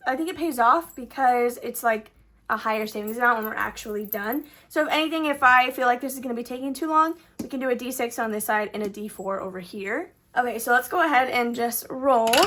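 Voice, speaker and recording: A woman's voice: a little high, brisk, background noise. A young woman casually vlogging her savings challenges, chatty and full of fillers, her sentences trailing up at the end. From Texas. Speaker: budgeting vlogger.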